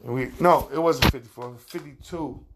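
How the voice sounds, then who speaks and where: New York man, podcast host, gravelly, profane street-talk monologue. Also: mid-range voice, fairly quick, heavy background noise. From Far Rockaway, Queens, New York. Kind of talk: casual opinion monologue.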